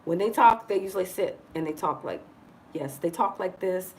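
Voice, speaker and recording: Lady from the us doing a live vlog, chatty and silly, says y'all a lot, slightly low voice. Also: moderate pace, a little hiss or hum, rough recording. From United States. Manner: expressive, joking, addresses viewers as y'all. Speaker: vlogger living abroad. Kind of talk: casual livestream chat. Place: indoors in Dar es Salaam.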